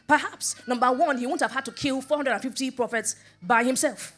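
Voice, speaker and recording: Animated middle-aged woman preaching, higher voice. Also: brisk, hardly any pauses, soft background music. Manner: animated, acts out scripture quotes and dialogue; rhetorical questions, repeated for emphasis. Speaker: preacher and life coach. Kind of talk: sermon.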